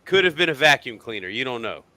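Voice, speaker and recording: A man making quick, sarcastic quips in a casual group chat. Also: mid-range voice, very animated, a crowd in the background.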